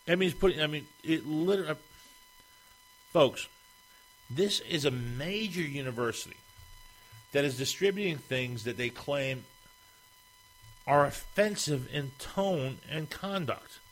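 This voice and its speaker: A man's voice: a little high, expressive, measured pace, long pauses, rough recording. A man hosting an opinion monologue, speaking emphatically and firing off rhetorical questions.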